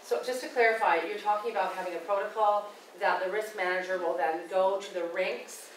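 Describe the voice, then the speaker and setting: A woman's voice: mid-range voice, steady tone, brisk, a little hiss or hum. Woman in the audience, earnest clarifying question, heard from afar in a very reverberant hall. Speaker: audience member asking a question. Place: large meeting room. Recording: very echoey room, distant from mic.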